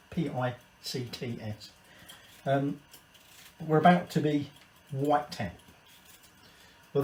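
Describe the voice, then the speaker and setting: A man hosting a casual cooking video, rambling, swearing and drinking while he cooks. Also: medium pitch. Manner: rambling, swearing, tipsy asides. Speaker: cooking channel host. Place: home kitchen. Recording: echoey room, distant mic, faint kitchen noise. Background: clatter of pots and cutlery.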